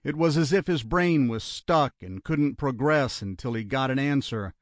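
A man narrating a thriller audiobook in a steady, even voice on a close studio mic. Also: mid-range voice, normal speed, no echo.

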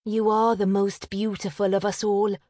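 A woman voicing a timid, tearful youngest sister who talks softly and sighs. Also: mid-range voice, unhurried, no echo, studio quality, lightly acted. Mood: plaintive. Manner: soft, plaintive, sighing.

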